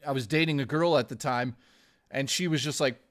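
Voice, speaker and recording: A man's voice: medium pitch, a little fast, a bit bright. A man streaming live, chatting casually and ramblingly with viewers, swearing often and calling them dude and guys. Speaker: gaming streamer.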